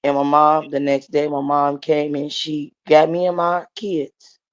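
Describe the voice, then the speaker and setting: A woman guest recounting her own story in conversation, in a halting, plain way. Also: sits low, level tone, highs cut off. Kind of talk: personal testimony in conversation.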